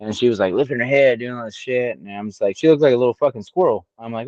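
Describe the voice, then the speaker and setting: Quick and medium-pitched, the man talks casually and profanely on a podcast he co-hosts, narrating his own experience and animatedly quoting those involved. He's in his late thirties, and the lo-fi audio has no room sound.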